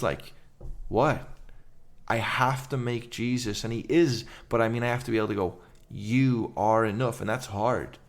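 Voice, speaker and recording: Gravelly man telling his story fast. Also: mid-range voice. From England. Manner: earnest, rapid run-on storytelling. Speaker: guest, urban missionary. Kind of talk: candid personal testimony.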